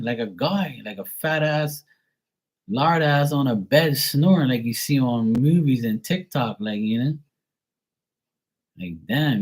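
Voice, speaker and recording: This livestreaming tarot reader has a mid-range, darkish voice, and the recording quality is low. He talks casually and profanely, leaning heavily on the filler "like."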